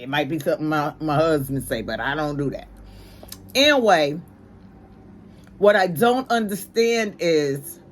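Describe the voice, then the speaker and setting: Opinionated New woman ranting. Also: lowish voice. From New York. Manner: emphatic, slangy, ranting. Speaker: commentary channel host. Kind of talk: opinionated commentary.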